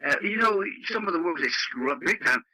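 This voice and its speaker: Older canadian guy on the radio, blunt, laughs a lot, bright dry voice. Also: sits high, animated, a little fast, dry recording, poor audio. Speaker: radio club member. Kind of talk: casual radio chat.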